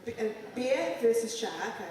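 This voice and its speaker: A woman's voice: on the high side, animated, normal speed. A woman from the audience asking a fan question at a convention, hesitant and giggly. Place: large convention hall. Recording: echoey hall recorded from far off, loud crowd.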